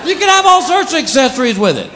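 A man doing stand-up comedy, animated and slipping into quick voices for his bits. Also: very high voice. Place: live comedy venue with laughing audience. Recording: live stage recording with crowd noise.

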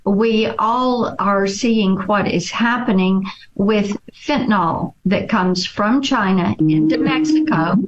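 Slow, deliberate woman politician. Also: mid-range voice, dull audio. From Tennessee. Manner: slow, deliberate, piles up repeated phrases. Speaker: politician guest. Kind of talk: interview answers.

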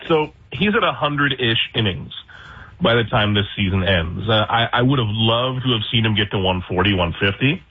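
Husky, lowish male guest, sarcastic and laid-back, calling in over a lo-fi line. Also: expressive, moderate pace. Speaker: baseball beat reporter guest. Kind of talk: casual sports radio interview. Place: hotel room. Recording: dull lo-fi remote line.

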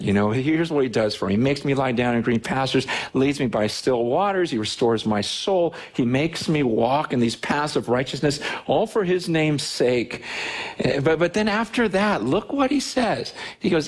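A pastor preaching to his church, earnest and animated, often repeating words as he builds. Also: medium pitch, measured pace, slightly rough. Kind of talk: sermon. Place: church hall.

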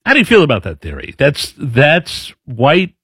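A man's voice: a little high, huge pitch swings, normal speed, a bit bright, slightly rough, no room sound, studio quality. A man hosting a casual political commentary show, talking loosely with restarts. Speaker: show host.

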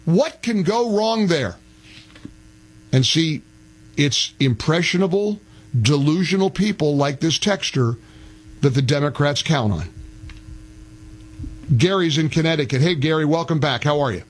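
A high-pitched man hosting a combative call-in radio show. He is brash and mocking, and he talks over the people he argues with. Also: normal speed, long pauses, low-quality recording. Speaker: radio talk show host.

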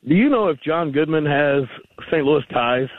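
A man's voice: a little high, expressive, normal speed, no echo. A man calling in to a radio show, making a rambling, argumentative case with many fillers. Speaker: caller. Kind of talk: call-in radio conversation. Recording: tinny phone line.

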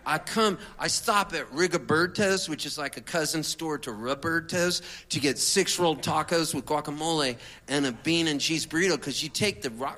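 A middle-aged man, a singer-songwriter, telling a rambling comic story to an audience in a conversational, animated way. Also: fairly high pitch, normal speed, hardly any pauses.

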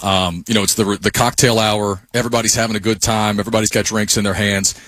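Lower-voiced man chatting casually. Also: little pitch movement, fast, a bit bright, no room sound. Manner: rambling anecdotes with asides. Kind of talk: casual chat.

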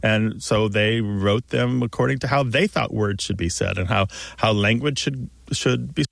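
A man's voice: fairly low pitch, normal speed, gravelly, a bit bright. Chatty man explaining on radio. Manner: chatty, explanatory, laughs easily. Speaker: radio show co-host. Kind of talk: explaining on a call-in radio show.

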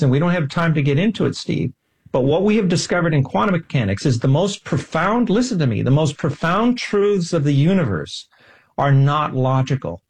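A man's voice: fairly high pitch, creaky, breathy edge. A man speaking as a guest in an interview, earnest and self-deprecating, telling a personal story with enthusiasm. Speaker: guest, scientist.

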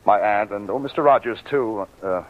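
An actor playing a scheming young office manager who talks smoothly but stammers when cornered, in 1940s radio acting. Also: male voice, fairly low pitch, moderate pace, lightly acted. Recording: phone-like old radio recording.

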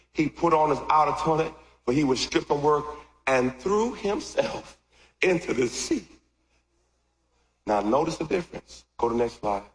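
Animated preacher man in an echoey hall. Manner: animated, jumps from loud shouts to low asides. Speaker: pastor. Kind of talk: sermon. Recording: echoey hall with long reverb.

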